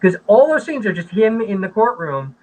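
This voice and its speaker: A man guest co-hosting a casual podcast, chatting about films with quick, wry asides. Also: high voice, big pitch swings, a little mellow, low-quality recording. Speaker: guest co-host. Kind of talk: casual movie review chat.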